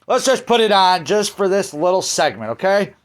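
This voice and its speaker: A man's voice: high voice, big pitch swings, moderate pace. A man giving an angry, profane rant while reviewing a horror film. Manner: profane, ranting, heated. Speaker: movie reviewer.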